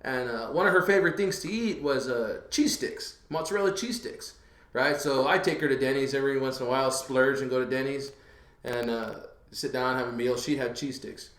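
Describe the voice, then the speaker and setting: 30s guy hosting a podcast, lively storyteller, echoey room. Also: medium pitch, a little fast. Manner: lively, gets loud acting out his own panic. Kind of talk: casual storytelling chat.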